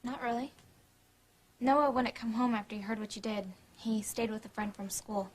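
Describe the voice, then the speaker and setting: Defiant young mother, husky and high-ish, cold soap delivery. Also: fairly even intonation, moderate pace. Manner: defiant, bitter. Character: bitter young mother shielding her baby. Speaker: soap opera character, new mother. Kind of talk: daytime soap opera acting.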